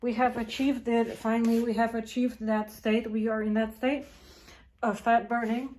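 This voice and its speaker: A woman vlogger talking on in a loose, wandering monologue, her voice sitting a little high. She stops and restarts often, repeats her phrases, and lifts into a higher voice when she acts out what she said. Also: level tone, normal speed, a little mellow, rough recording. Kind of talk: rambling casual monologue.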